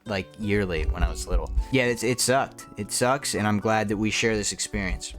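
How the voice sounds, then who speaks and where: A man in his twenties reacting to viewer comments in a blunt, crude, mocking way, jumping between high rants and low mutters. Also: normal speed, a bit bright, soft background music. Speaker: content creator.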